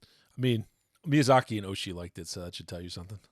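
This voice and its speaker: Male podcast co-host, low voice, rambling, self-correcting, dry sound. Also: fast talker, no room sound. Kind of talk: casual podcast chat.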